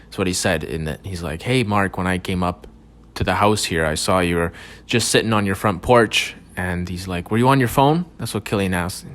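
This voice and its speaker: A man's voice: sits low, normal speed, fairly bright tone. A young man hosting a casual solo podcast, rambling and swearing freely with lots of stumbling restarts. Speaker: podcast host.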